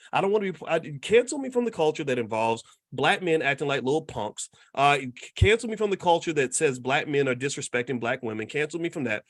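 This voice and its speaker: Animated man in his fifties, punchy. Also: on the high side, no room sound, studio quality. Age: 50s. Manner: emphatic, repetitive preacher-like rhetoric; conversational, asks the audience questions. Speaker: host and finance educator. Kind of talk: lively commentary monologue.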